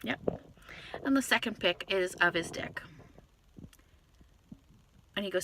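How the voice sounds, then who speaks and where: A woman telling a dating story in a casual, animated way, swearing often, recorded inside a car on a phone. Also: mid-range voice, a little hiss or hum. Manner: animated, profane, quick asides.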